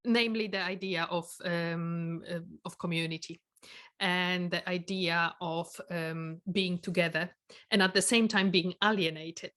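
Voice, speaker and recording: Hesitant woman co-host, slightly low voice. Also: fairly even intonation, measured pace, a bit bright. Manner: hesitant, many fillers and restarts. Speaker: podcast co-host. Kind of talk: academic interview.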